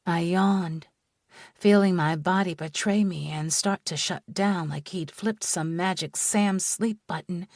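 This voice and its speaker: A woman reads a first-person romance audiobook at a slow, unhurried pace. Her voice sits a little low, and the studio sound is dry and close. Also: a little mellow, no echo. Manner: measured, unhurried storytelling. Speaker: audiobook narrator.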